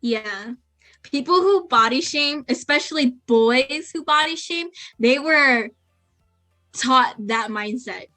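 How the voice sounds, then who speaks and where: High bright young woman co-host. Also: lively intonation, takes it slowly, soft background music. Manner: frank, leads questions to the group. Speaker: podcast co-host. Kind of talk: casual chat.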